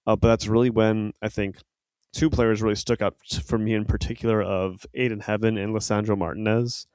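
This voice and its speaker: A man's voice: on the low side, level tone, fairly quick, darkish tone, clean tone, no room sound. A man co-hosting a podcast, chatting casually about football with lots of fillers and self-corrections. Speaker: podcast co-host.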